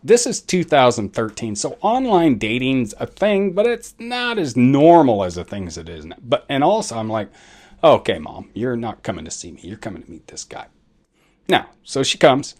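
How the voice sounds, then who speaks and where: A man's voice: mid-range voice, a little mellow. A man hosting a podcast and telling a personal story in a rambling way, full of fillers and self-corrections. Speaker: podcast host.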